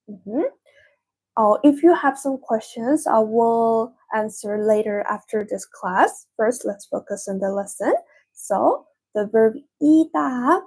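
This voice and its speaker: Young Korean-accented woman as a patient language teacher, slightly raised pitch, a little husky. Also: darkish tone, rough recording. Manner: patient, explains step by step with many "mm-hmm"s. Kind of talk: online lesson.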